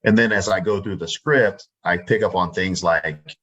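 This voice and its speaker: A man's voice: deep voice, normal speed, fairly bright tone, dull audio. A Texan man, a real estate wholesaler, chatting confidently in an interview and acting out his phone scripts. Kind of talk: casual interview talk.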